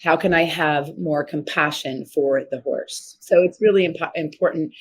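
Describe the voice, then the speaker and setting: Guest, woman, 50s, from Missouri; lowish voice, animated storyteller. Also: moderate pace, husky. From Missouri, USA. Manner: animated, acts out quoted voices with sharp pitch jumps. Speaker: guest, horse trainer. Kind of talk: casual interview storytelling.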